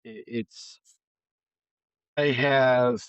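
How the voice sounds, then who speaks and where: A man near fifty co-hosting a podcast, talking in a laid-back way and swearing casually. His voice has a gravelly edge. The recording is dull and lo-fi, with a dry sound. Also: medium pitch, animated, extremely slow, dry recording. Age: 40s. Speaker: podcast co-host. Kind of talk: casual chat.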